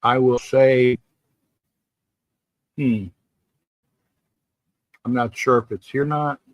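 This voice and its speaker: Man hosting a fan livestream, slow and rambling, repeats and restarts himself, close dry sound. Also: medium pitch, steady tone, no echo. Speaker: sports talk livestream host. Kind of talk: casual live-stream chat reading viewer comments.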